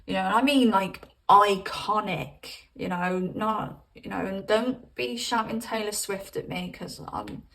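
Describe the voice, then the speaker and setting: A woman's voice: medium pitch, measured pace, creaky, few pauses, fairly bright tone, recorded from a distance, poor audio. Chatty woman, slightly off-mic. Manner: chatty, rambling, swears casually, calls viewers babes. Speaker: tarot reader. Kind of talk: casual pick-a-card tarot reading.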